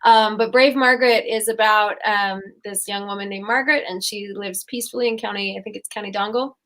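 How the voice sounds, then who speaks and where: A woman's voice: medium pitch, steady tone, brisk, a bit bright. A young woman co-hosting a casual chat show, retelling fairy tales in a rambling, giggly way. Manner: chatty, rambling, giggly storytelling. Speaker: co-host.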